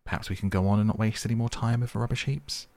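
A man's voice: fairly low pitch, fairly even intonation, fast, darkish tone, dry recording, pitched above the performer's own voice, close to an everyday voice. A man voicing a small, stubborn male mole who complains pettishly, in a storybook reading.

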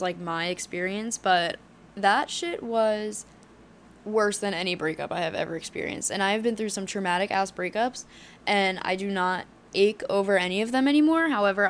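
Heated, candid young woman podcaster. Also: mid-range voice. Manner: candid and heated, swearing, with many fillers. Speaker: podcast host. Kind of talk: solo podcast monologue.

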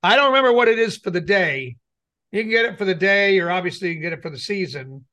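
A man's voice: high voice, animated, fast, sharp tone. A middle-aged man co-hosting a talk show, telling a rambling personal story and acting out what people said. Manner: rambling anecdote with acted-out quotes. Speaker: radio show co-host. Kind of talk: casual storytelling chat.

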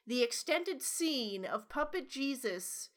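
A woman's voice: sits high, expressive, slow pace. A woman co-hosting a podcast in casual chat, ranting animatedly with lots of swearing and laughter. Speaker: podcast co-host.

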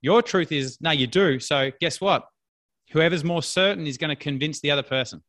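Blunt, bright-voiced man. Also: fairly high pitch, normal speed. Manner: blunt, emphatic, repeats key points. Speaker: business coach guest. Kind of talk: casual podcast interview.

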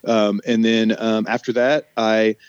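A man's voice: on the low side, measured pace, clean tone, no room sound, highs cut off. A man casually telling stories from his past jobs, acting out the voices of people he quotes. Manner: animated storyteller who acts out quoted voices. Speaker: guest telling his life story. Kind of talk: casual podcast conversation.

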